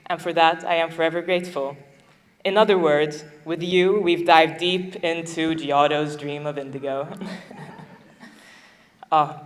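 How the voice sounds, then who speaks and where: A woman's voice: sits low, fairly even intonation, measured pace, long reverb tail. A young woman, a graduating student, delivering a prepared graduation speech, heartfelt and a little emotional, with light laughs between her thanks. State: getting emotional.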